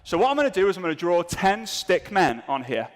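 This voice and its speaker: Male seminar speaker, jokey and self-mocking, animated delivery, reverberant venue. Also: high-pitched, fairly quick. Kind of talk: comedic live seminar talk. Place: event room with a live audience.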